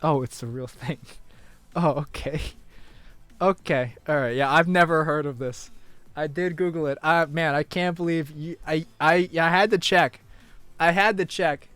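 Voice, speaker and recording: A young man chatting casually on a live stream, talking to his chat, moving between mock outrage and low mumbling asides. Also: moderate pace, a bit bright, smooth, no echo, soft background music. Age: young adult.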